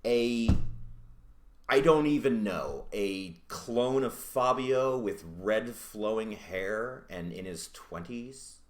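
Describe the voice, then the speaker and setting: A man's voice: mid-range voice, animated, slow. A man casually reviewing a comic book at home, loose and rambling with plenty of swearing and restarts. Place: indoors at home. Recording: roomy echo.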